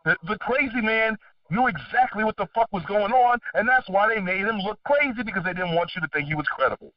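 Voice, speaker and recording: A middle-aged man hosting a podcast, talking in a casual, animated way, swearing freely and laughing between his points. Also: high voice, a little fast, dry recording. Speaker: podcast host. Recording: dull distant lo-fi dry recording.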